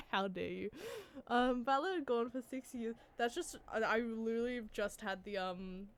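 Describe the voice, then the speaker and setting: A woman's voice: fairly high pitch, moderate pace, smooth. Giggly young woman. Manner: giggly, rambling, jokey. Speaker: co-host reading a visual novel aloud. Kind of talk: casual chat and dramatic reading.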